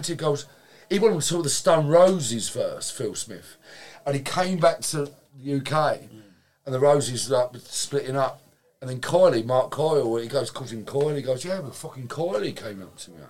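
Lively man telling stories. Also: mid-range voice. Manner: animated, swears freely, acts out quotes, laughs while telling. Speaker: guest. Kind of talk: anecdotal storytelling in casual chat.

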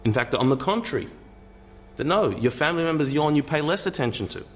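A man's voice: fairly high pitch, animated, a little fast, slight background noise. Wry man giving a chatty lecture. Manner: thinking aloud, repeats words and restarts, wry asides. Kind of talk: conversational lecture.

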